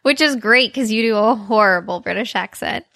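A woman's voice: mid-range voice, moderate pace, vocal fry, bright, forceful tone. A woman from Texas co-hosting a podcast in casual chat, giggly and enthusiastic. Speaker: podcast co-host.

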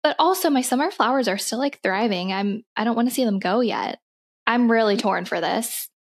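A woman's voice: a little high, lively intonation, normal speed. A young woman co-hosting a podcast in casual chat, sounding bubbly and enthusiastic. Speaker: podcast co-host.

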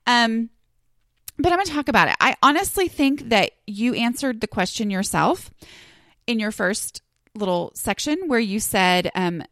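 A woman's voice: medium pitch, a bit bright. A woman talks through her own podcast in an easygoing, rambling way, scattering fillers and poking fun at herself. Her voice sits in a middling range. The sound is close and dry, with no room echo. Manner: chatty, rambling, self-deprecating with many fillers. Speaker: podcast host. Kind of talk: casual solo podcast talk.

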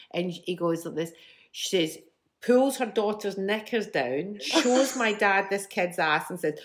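A woman in her fifties, a musician telling stories from childhood in a chatty, animated way with bursts of laughter. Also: mid-range voice, unhurried. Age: 50s. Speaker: guest, musician. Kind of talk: casual storytelling.

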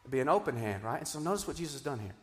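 Animated man preaching in a reverberant hall. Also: mid-range voice, rapid-fire. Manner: animated, swinging between loud emphatic bursts and quiet asides. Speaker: pastor. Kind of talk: sermon. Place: church auditorium.

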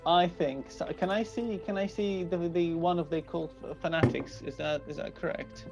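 A man taking his turn as a player in a tabletop game, sounding unsure and checking details with questions. His voice is a touch higher than most men's and has a strong gravelly fry, with faint music behind him. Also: moderate pace. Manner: tentative, asks questions.

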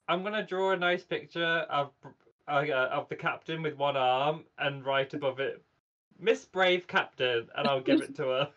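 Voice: mid-range voice, steady tone, moderate pace, fairly bright tone. A player in a tabletop game speaking in character, eager and gushing, with lots of giggles. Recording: dull, lo-fi mic.

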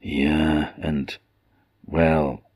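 A Scottish man voicing a nervous male undertaker's lad in a spoken folk tale, talking in a hushed, uneasy way. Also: rumbling low, little pitch movement, extremely slow, breathy edge, dry recording, studio quality, exaggerated voice.

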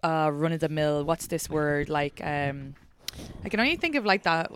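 A woman's voice: sits low, animated, normal speed, slight background noise. A young adult Irish woman hosting a podcast, chatting casually and rambling a little, with casual swearing. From Ireland. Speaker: podcast host, comedian. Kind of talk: casual chat.

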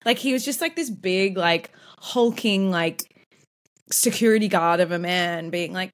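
A woman, co-hosting a podcast in casual chat, animated and swearing freely as she recaps a reality show. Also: mid-range voice, normal speed. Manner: animated, swears freely, puts on voices when retelling scenes. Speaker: podcast co-host.

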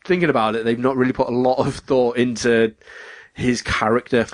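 A man's voice: mid-range voice, fairly even intonation, a little fast, no room sound. A young man chatting animatedly about video games, acting out characters in raised voices.

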